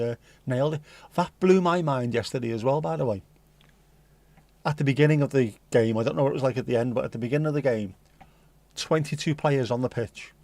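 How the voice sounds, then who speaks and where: A man's voice: medium pitch, warm tone, no room sound. A middle-aged man with a Liverpool accent, hosting a livestream and chatting casually to his live chat with jokey, rambling asides. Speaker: livestream host.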